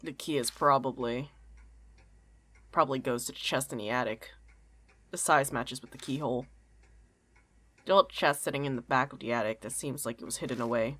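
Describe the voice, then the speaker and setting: Low-voiced woman streamer narrating a horror game. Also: normal speed, pauses often, fairly bright tone, breathy edge, no echo. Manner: reads game text, swears, jokes with co-players.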